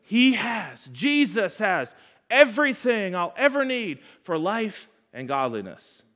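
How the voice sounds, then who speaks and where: A man delivering a sermon in a slightly high voice. He has his listeners repeat lines back to him and leans on repetition. His delivery swings from loud, raised passages to hushed, low ones. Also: very animated, takes it slowly. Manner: congregation call-and-response, emphatic repetition; sweeping pitch and loudness swings between loud highs and hushed lows. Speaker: preacher.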